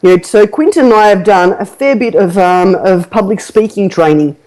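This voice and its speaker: A woman hosting a marketing podcast in casual chat, animated and rambling with fillers, laughing often. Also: mid-range voice, moderate pace, poor audio. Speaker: podcast host, marketing coach.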